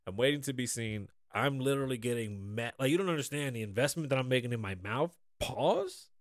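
A man's voice: mid-range voice, fast talker, dry recording. A man talks loosely and profanely as a podcast host, rambling from story to story. His voice is strained from a sinus infection and a pulled vocal cord. The sound is close and dry. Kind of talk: casual chat.

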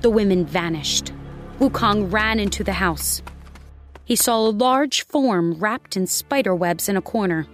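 Slow, clear woman reading a storybook. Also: mid-range voice, faint music behind. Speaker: narrator. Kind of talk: storybook narration.

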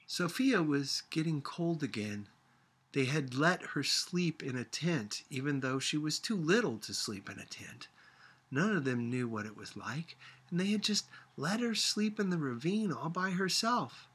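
Man reading a novel to a class, lively, bright, husky. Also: on the high side, measured pace. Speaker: teacher reading aloud.

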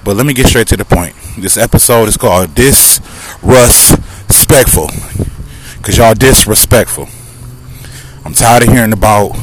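A man's voice: on the low side, a little slow. A man with a Southern American accent hosting a casual podcast monologue while walking outdoors near traffic, talking emphatically and firing off rhetorical questions. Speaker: podcast host. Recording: light street noise, cars passing.

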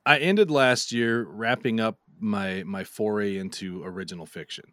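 A man's voice: lowish voice, normal speed, fairly bright tone, no room sound, studio quality. A man with a Minnesotan accent, a guest on a podcast, talking in an easygoing way and laughing often. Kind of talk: casual podcast chat.

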